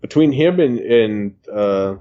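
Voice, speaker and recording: A man's voice: on the low side, animated, slow pace. Man podcast co-host with dull audio. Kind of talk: casual film review chat.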